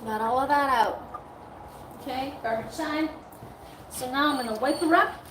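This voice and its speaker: A woman's voice: high voice, moderate pace, recorded from a distance. A woman dog groomer chatting casually with viewers on a livestream while she works, now and then cooing at the dogs. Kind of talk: casual live-stream chat while working. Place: grooming room. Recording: roomy, from off-mic, with noise.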